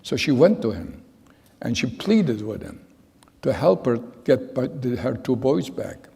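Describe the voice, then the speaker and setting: Man in his 90s, survivor giving testimony; husky, gravelly voice, earnest and halting, echoing through a big hall. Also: mid-range voice, sing-song, dark tone. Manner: halting, earnest storytelling with repeated phrases. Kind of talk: spoken testimony to an audience. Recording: long reverb of a large hall.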